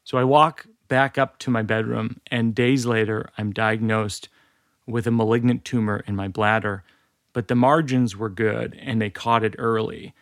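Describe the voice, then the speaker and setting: A man's voice: lowish voice, fairly even intonation, normal speed, dry recording, studio quality. A man in his forties telling a personal story in a candid, wry, self-deprecating way. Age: 40s.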